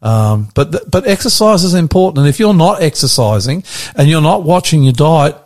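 A man's voice: on the high side, big pitch swings, normal speed. A man with an Australian accent, a pastor hosting a radio show, talking in a chatty, self-deprecating way with frequent restarts. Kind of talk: casual radio chat.

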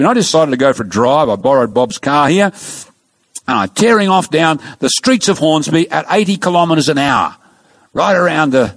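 A man preaching a sermon, telling stories and acting out dialogue, slowing down for emphasis. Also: mid-range voice, no echo. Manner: storytelling, animated, acts out dialogue; slows down for emphasis.

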